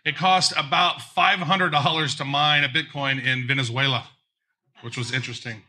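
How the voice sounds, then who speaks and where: A man co-hosting a podcast live, chatty and quick to laugh at the jokes. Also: medium pitch, fairly even intonation, sharp tone. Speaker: podcast co-host. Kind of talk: casual live podcast chat.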